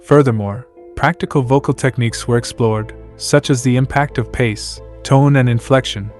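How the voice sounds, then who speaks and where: A man reads a scripted lesson in a mid-range voice. He moves through numbered points in a measured, announcer-like way, with faint music playing underneath. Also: mid-range voice, a little mellow. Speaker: narrator. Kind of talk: scripted narration.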